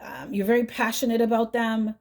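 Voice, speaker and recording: A woman talks through a tarot reading in a warm, mellow tone that sits a bit high. She is chatty and direct. She checks in with "right?" and hums "mm-hmm" between thoughts. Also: lively intonation, a little fast, vocal fry. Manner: chatty, keeps asking "right?" and humming "mm-hmm". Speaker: tarot reader.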